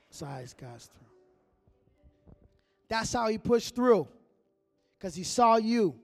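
High-voiced animated male preacher. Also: slow pace, vocal fry, long pauses. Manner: animated, conversational preaching with call-and-response. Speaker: pastor. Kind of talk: sermon.

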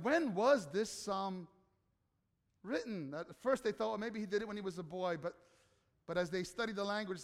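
With a high-pitched voice trailed by long reverb, a man preaches emphatically as pastor. He alternates soft, slow stretches with loud declarations and throws rhetorical questions at the audience.

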